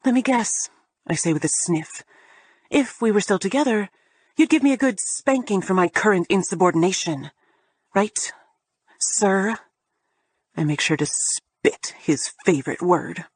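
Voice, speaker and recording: A woman's voice: on the low side, normal speed, breathy edge, no room sound. A woman narrating a first-person romance audiobook in a sardonic, profane, emphatic way.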